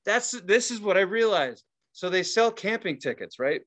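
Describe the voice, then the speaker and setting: A man chats casually on a podcast, spinning stories with plenty of laughter and sudden shouted lines. His voice sits a little high and sounds bright. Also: normal speed. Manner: animated storyteller, laughs and yells quoted lines. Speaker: podcast co-host. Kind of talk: casual chat.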